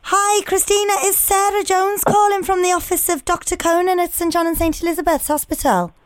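A woman's voice: fairly even intonation, dry recording. A woman putting on a to voice a female hospital secretary calling about a patient's x-rays. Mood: officious. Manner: bright, high, brisk put-on voice.

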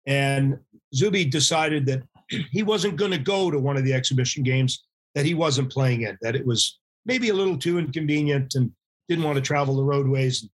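A middle-aged man, a former hockey goalie, telling animated anecdotes as a podcast guest and acting out quoted voices. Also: mid-range voice, moderate pace. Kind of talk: casual storytelling interview.

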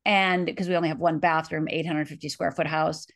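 A woman's voice: sits low, fairly even intonation, brisk, a bit bright. A middle-aged woman from Upper Michigan, an author interviewed as a guest, retelling her past earnestly and vividly, acting out the quotes. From Upper Michigan, USA. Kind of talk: interview, personal storytelling.

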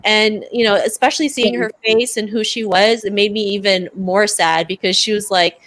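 A woman in a relaxed podcast interview, talking earnestly as the guest. Her speech runs on with casual fillers. Her voice sits at an ordinary middle pitch. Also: moderate pace. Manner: earnest, heavy on "like" and "you know" fillers.

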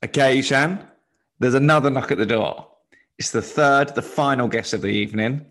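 A man's voice: medium pitch, normal speed, a bit bright. A man hosting a casual chat, introducing guests in a playful, self-deprecating way. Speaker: host.

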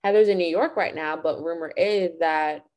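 A young woman co-hosting a podcast in casual chat, easygoing, laughing along and giving quick agreeing replies. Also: lowish voice, darkish tone. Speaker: podcast co-host.

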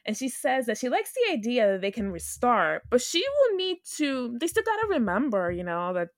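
A woman's voice: fairly high pitch, huge pitch swings, normal speed, no echo, clean studio sound. A woman co-hosting a podcast, chatting casually about a reality show and acting out what people said in exaggerated voices. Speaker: podcast co-host.

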